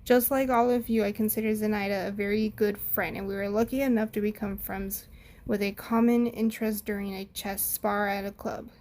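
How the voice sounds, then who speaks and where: A woman voicing a sneering man who acts as game master in a story, speaking slowly and deliberately. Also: medium pitch, fairly even intonation, a little mellow, close to an everyday voice. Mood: grave.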